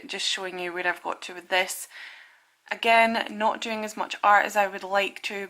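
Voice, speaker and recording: Bright-voiced chatty woman vlogging. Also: medium pitch. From Scotland. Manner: chatty and rambling, laughs at herself. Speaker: artist vlogger. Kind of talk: casual studio vlog chat.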